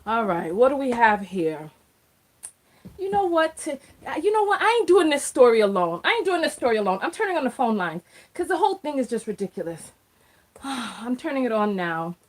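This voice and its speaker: A woman hosting a casual live stream from her RV, talking to viewers in an animated, exasperated way. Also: a little high, moderate pace. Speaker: host.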